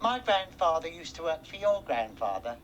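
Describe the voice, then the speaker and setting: Brief: a cheeky hunchbacked servant, high and bouncy, sing-song joker, film comedy. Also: male voice, sing-song, moderate pace, a bit bright, slight background noise. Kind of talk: 1970s film comedy acting.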